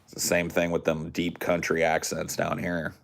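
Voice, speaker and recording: A man's voice: low voice, completely flat delivery, moderate pace, creaky. An American man with a mix of country and Californian accent, chatting casually and profanely as a podcast co-host. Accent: mix of rural American and General Californian. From United States. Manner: profane, rambling, puts on mock accents. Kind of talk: casual chat.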